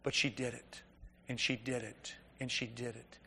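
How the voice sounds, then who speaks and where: A man's voice: mid-range voice, little pitch movement, normal speed, creaky, sharp tone, slightly rough, long reverb tail. A man preaching a conversational sermon, telling stories and asking the congregation rhetorical questions.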